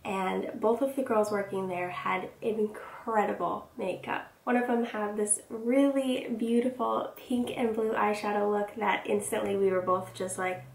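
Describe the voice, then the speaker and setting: Hoarse young woman, chatty vlog intro. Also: mid-range voice, fairly even intonation, a little slow, few pauses, far from the mic. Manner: upbeat, chatty. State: hoarse from a cold. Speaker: beauty vlogger. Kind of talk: casual makeup vlog intro. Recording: echoey room, a bit off-mic.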